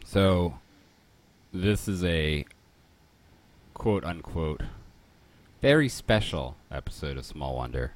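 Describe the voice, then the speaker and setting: Deep-voiced rambling podcast host man. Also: expressive, takes it slowly, pauses often. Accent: Philadelphia. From Northeastern Philadelphia. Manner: rambling, self-correcting, jokey. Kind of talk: casual chat.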